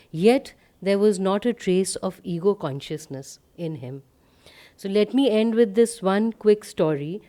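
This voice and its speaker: A woman gives a spiritual talk and tells a story. She speaks conversationally and often pauses with fillers. Her voice is mellow and warm. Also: on the low side. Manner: conversational, with frequent fillers and light laughter. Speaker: satsang speaker.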